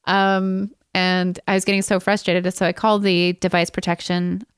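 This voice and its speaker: A woman's voice: on the low side, level tone, moderate pace, clean tone, no room sound, clean studio sound. A woman co-hosting a podcast, telling a rambling story in casual chat and laughing often along the way. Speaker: podcast co-host.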